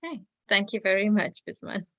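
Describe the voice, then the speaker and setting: A woman's voice: mid-range voice, expressive, fairly quick, a bit bright, lo-fi sound. A woman teacher leading an online speaking class, giving brief encouraging prompts.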